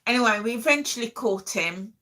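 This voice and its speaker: Bright-voiced woman telling a story. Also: fairly high pitch, fairly quick. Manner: emotional, animated storytelling. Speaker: vlogger host. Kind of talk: casual storytelling.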